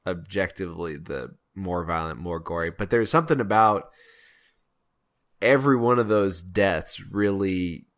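A man's voice: deep voice, measured pace, a bit bright. A man co-hosting a podcast, talking over films in a thoughtful, hesitant way that often trails off. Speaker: podcast co-host. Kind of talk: casual film discussion.

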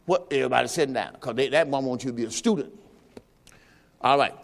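A man's voice: medium pitch, fast talker, creaky. A man preaching a sermon, teaching in a loose conversational way and quizzing his congregation. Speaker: pastor. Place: church sanctuary. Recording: long hall reverb.

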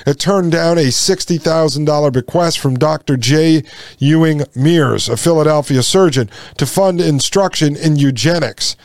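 Fired-up guy ranting to his folks, slightly high voice, dead dry sound. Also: normal speed, a little mellow, no room sound. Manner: indignant, repeats lines, addresses listeners as folks. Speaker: podcast host. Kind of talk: impassioned commentary.

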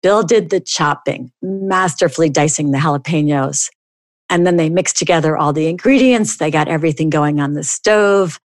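A middle-aged woman hosting a podcast reads a comic story aloud, animated throughout and jumping suddenly high for the dialogue. She speaks at a normal speed, with no room sound.

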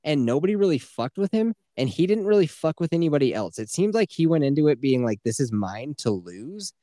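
A man's voice: a little high, expressive, fast, mellow, dry recording. Profane, chatty podcast man with a dry sound. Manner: profane, loose, recounts debate in quoted voices. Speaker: podcast co-host. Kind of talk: casual political chat.

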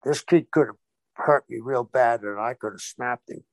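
Here a man who once wrestled professionally recounts stories for a laid-back interview, acting out what everyone said. The pitch is medium, the speed normal, and the recording dry.

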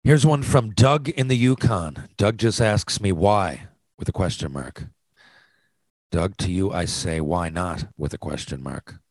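A man's voice: lowish voice, measured pace, a little mellow, slightly rough, no echo. A man, chatting casually and answering listener questions, rambling with lots of restarts and blunt swearing. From Newfoundland, Canada. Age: 40s. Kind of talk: casual chat.

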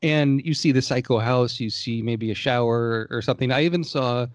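A man's voice: mid-range voice, moderate pace, dry recording, studio quality. A man chatting casually about an old film at home, digressive with frequent fillers. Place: home room.

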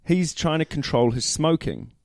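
A man's voice: a little high, normal speed, darkish tone, dry recording, clean studio sound. A man co-hosting a casual rugby podcast, bantering in a laid-back way with "mate" and tag questions. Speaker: podcast co-host. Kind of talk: casual chat.

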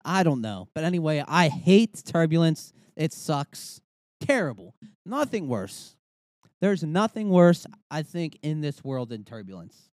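Animated ranting young man, close dry mic. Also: on the high side, measured pace, no echo. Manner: animated, swearing, rambling with frequent asides. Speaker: podcast host. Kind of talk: casual comedic rant.

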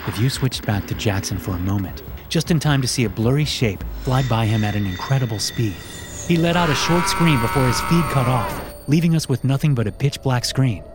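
A man narrating a horror story in a steady storytelling voice. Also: medium pitch, a little fast. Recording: loud background music.

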